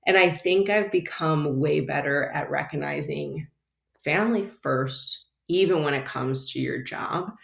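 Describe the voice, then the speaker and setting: A woman in her thirties, a podcast guest, telling her story frankly and quickly, with lots of "like". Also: low voice, creaky, roomy sound. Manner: fast, frank, sprinkled with "like". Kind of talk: candid conversational storytelling.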